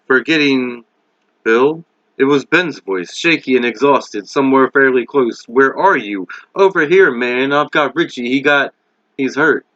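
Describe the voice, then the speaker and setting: A man's voice: mid-range voice, fairly bright tone. Man reading a novel aloud, lo-fi. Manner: reads with small slips and self-corrections, voicing characters lightly. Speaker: amateur book reader.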